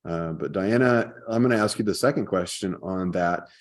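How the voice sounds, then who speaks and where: A man with a fairly low voice hosts a podcast, talking casually. He tells stories with animated asides. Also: moderate pace. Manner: storytelling, animated when quoting. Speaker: podcast host.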